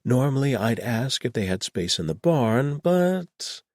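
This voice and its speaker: A man's voice: medium pitch, big pitch swings, measured pace, a little mellow, no echo, pitched above the performer's own voice. A man voicing a witty, weary woman spy who speaks in dry, fervent quips.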